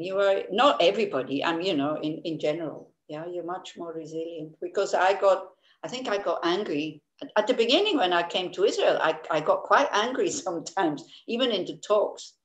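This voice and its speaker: A woman Buddhist teacher giving a casual dharma talk, candid and laughing often, with frequent restarts. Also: medium pitch. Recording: echoey room.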